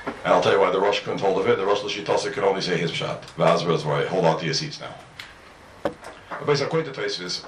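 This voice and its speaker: A man's voice: low voice, a bit bright, a little hiss or hum. A man teaching a Talmud class. He mixes English with Hebrew and Aramaic study terms and keeps firing rhetorical questions at his students. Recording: roomy echo, mic at a distance.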